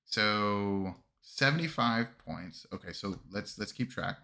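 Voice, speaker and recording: A man hosts a casual livestream with a bright, forward tone. He rambles through fillers and restarts and chuckles often. He sounds close to his desk mic. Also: fairly low pitch, lively intonation, slow pace, creaky. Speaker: streamer reviewing army lists.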